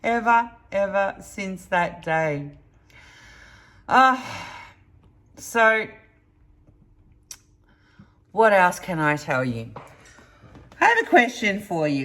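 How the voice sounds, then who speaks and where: A woman's voice: on the low side, sing-song, takes it slowly, long pauses, fairly bright tone. A woman hosting a crafting channel, telling stories in a chatty, rambling way with many asides. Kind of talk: casual storytelling to camera.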